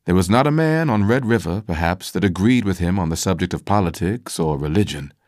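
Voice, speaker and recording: A man reads a first-person audiobook in a measured, formal manner. His voice sits low, and his intonation moves a great deal from phrase to phrase. The recording is dry and close, with no room echo. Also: animated, a little mellow. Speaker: audiobook narrator.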